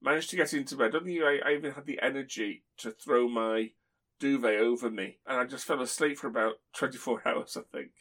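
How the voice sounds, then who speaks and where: A man's voice: medium pitch, fairly quick, a bit bright. A man hosting a podcast, telling stories in a rambling way and chuckling as he talks. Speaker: podcast host. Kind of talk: casual chat.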